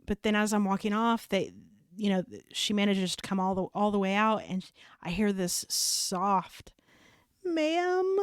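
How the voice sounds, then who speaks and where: A woman's voice: medium pitch, level tone, normal speed, clear, resonant tone, no echo, clean studio sound. A middle-aged woman co-hosting a faith podcast, telling a personal story in casual chat with laughs and restarts. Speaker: podcast co-host.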